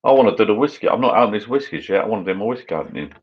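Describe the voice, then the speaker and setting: A man's voice: lowish voice, lively intonation, very fast, lo-fi sound. A British man hosting a casual live stream, chatting loosely and reading viewer comments aloud as he drinks. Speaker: channel host.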